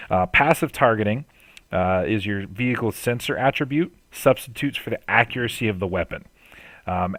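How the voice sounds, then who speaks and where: A man's voice: fairly low pitch, fairly bright tone, no room sound. A man running a tabletop game as game master, explaining rules at length and laughing often.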